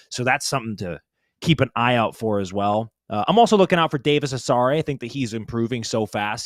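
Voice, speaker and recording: A man's voice: lowish voice, no room sound, clean studio sound. A man joining a jiu-jitsu panel as a new panelist, weighing picks earnestly and thoroughly. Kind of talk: casual panel analysis.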